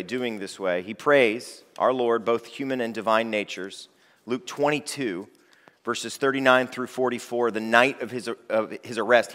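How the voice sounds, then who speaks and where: A man's voice: mid-range voice, a bit bright. A male pastor preaching a sermon to his church, emphatic, repeating key phrases and lifting his voice when reading scripture. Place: church sanctuary. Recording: long reverb of a church hall.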